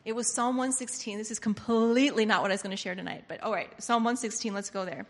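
A woman preaching a sermon, switching from hushed, confiding lines to loud, excited outbursts. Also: fairly high pitch, fast talker. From Pennsylvania. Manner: animated, swinging from hushed to loud exclamations. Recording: long hall reverb.

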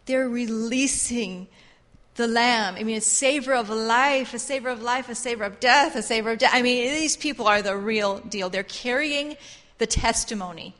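Fervent woman Bible teacher, fairly high voice, long hall reverb. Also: normal speed. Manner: fervent, repetitive, animated. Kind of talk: sermon-style class teaching.

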